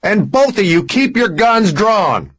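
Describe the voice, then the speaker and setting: A man's voice: high-pitched, very animated, slow pace, fairly bright tone, no echo, voice pushed up, heavily acted. A man doing a curt, tense police chief. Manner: curt, commanding. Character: sweating, tense middle-aged police chief.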